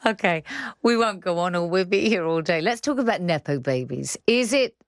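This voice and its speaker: Lively woman presenting radio. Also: fairly low pitch, normal speed, no echo, clean studio sound. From India. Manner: lively, conversational, playful. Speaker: radio arts show host.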